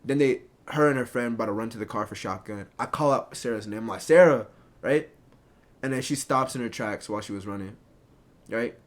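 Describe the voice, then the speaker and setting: A man's voice: fairly low pitch, fast talker, a bit bright. A young man casually telling a personal story to a live chat, rambling and filling with "right?" and "like". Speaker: storyteller streamer.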